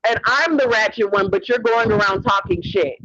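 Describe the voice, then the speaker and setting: On a livestream with dull lo-fi audio, a male host delivers a heated, sassy rant full of profanity, calling people "honey." His high voice has a sharp tone and a normal pace.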